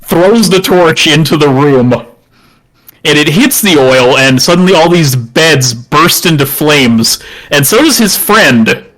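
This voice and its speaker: A man's voice: on the high side, animated, slow pace, fairly bright tone, low-quality recording. A man narrating as dungeon master for a tabletop game, good-humored and prone to chuckling as he describes the action.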